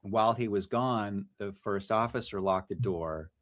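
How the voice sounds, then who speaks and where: A man's voice: lowish voice, unhurried. A man, a freelance journalist, talking casually in an interview, often restarting his sentences and correcting himself. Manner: restless, self-correcting, many restarts and fillers. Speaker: freelance journalist, podcast guest.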